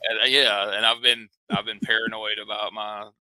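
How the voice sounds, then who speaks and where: Southern man, podcast host, casual chat, bright tone, lowish voice, dry. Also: little pitch movement, moderate pace, no room sound, poor audio. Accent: Southern American. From American South.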